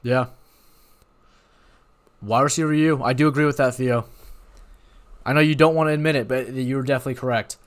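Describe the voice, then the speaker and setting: On a live stream, a young man acts as watch party host, reacting in the moment in an excitable, rambling way. He repeatedly breaks off to apologize and correct himself. His pitch is ordinary and middling, and he talks fairly quickly with frequent pauses.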